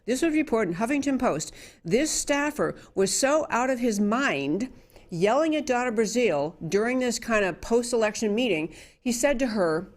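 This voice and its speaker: A woman's voice: on the high side, animated, moderate pace. Emphatic woman hosting a political talk show. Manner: emphatic, with frequent restarts and fillers. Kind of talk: conservative political commentary.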